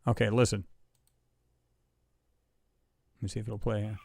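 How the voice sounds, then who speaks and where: A man's voice: lowish voice, level tone, very fast, creaky, heavy background noise. A man hosting a casual livestream chat, talking in a loose, rambling way and reading viewer comments aloud. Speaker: livestream host.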